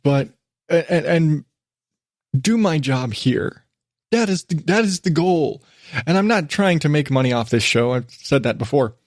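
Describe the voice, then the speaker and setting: Male podcast host, mid-high voice, casual self-deprecating rambler, swears freely, dry home recording. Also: animated, a little slow, no echo. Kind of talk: casual solo podcast monologue. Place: home desk.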